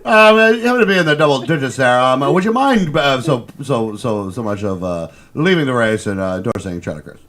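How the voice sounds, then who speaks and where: A man putting on a polite male caller with an English accent, halting and apologetic, full of fillers. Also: medium pitch, big pitch swings, fairly bright tone. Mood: polite mock.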